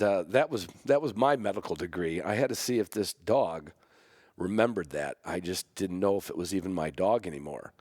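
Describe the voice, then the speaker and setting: Deep-voiced man telling a dog story. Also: slightly rough, no echo, clean studio sound. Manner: rambling, halting, with many restarts and fillers. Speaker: podcast host; hunting dog trainer. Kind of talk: personal storytelling.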